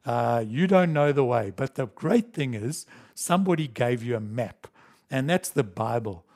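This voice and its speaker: Man, pastor, sermon, live stream, mid pitch, vivid storytelling. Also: animated, moderate pace, a little mellow. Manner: storytelling, acts out quoted lines with rising emotion.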